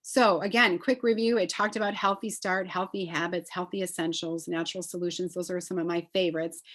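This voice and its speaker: A woman giving a casual, enthusiastic sales presentation, chatty and upbeat with many fillers. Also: on the low side. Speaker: essential oils seller.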